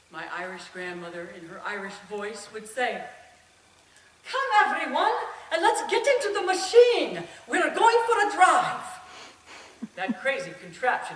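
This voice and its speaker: Expressive woman giving a speech, far-off echo. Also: fairly low pitch, slight background noise. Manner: expressive storytelling, swelling and dropping. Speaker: club speaker. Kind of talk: prepared speech. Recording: echoey room from far off.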